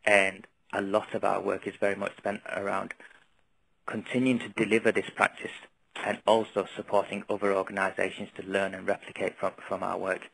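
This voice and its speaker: A man's voice: fairly low pitch, vocal fry, a bit bright, a little hiss or hum, poor audio. A man giving an earnest webinar presentation, with small restarts as he speaks. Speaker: presenter, youth work organisation.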